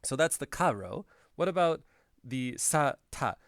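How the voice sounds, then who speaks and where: A man teaching Japanese in a relaxed, explanatory way, with frequent "uh" fillers and restarts. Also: a little high, a little slow, no room sound, clean studio sound. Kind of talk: recorded language lesson.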